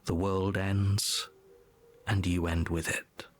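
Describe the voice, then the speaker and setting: A man voicing the narrator of a video game, telling the story in a measured, storytelling way. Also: low-pitched, little pitch movement. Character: calm male narrator guiding the hero. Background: loud game music.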